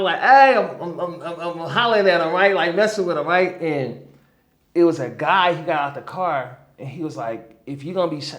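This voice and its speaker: A man talking as a guest healer in a relaxed interview, telling a long story with lots of energy. His voice sits a little high for a man. He keeps pulling the listener in with "right?" and "you know what I'm saying?".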